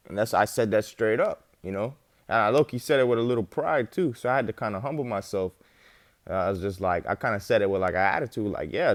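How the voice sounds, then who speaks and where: A man's voice: fairly low pitch, no echo. A man giving a casual spoken religious testimony, rambling and slangy, with lots of fillers and the odd swear word.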